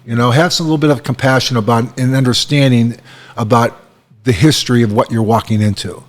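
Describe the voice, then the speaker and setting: A man in his sixties, a guest at a bar, chatting casually and telling animated stories. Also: mid-range voice, brisk. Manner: animated storyteller, acts out quotes. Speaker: guest, former head coach.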